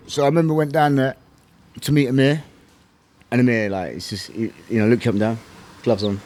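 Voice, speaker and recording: A man's voice: mid-range voice, fairly even intonation, fairly quick, long pauses, darkish tone. A man, a former fighter and podcast guest, telling his story bluntly, swearing and using slang. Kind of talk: casual interview talk.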